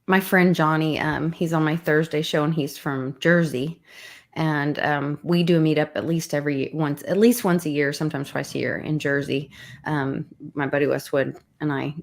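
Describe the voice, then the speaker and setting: A woman co-hosting a casual chat show, talking with frequent ums and quick agreeing replies. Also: sits low, steady tone. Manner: chatty, many ums, quick back-channel agreement. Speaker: co-host.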